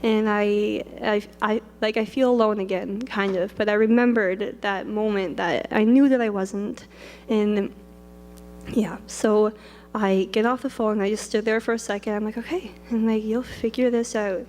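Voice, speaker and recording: Her mid-range voice is steady and darkish, with slight noise in the background and a big hall's long reverb. This young woman from Canada, a wedding photographer, rushes through a lengthy personal tale full of "like" and performed quotes of what she told herself.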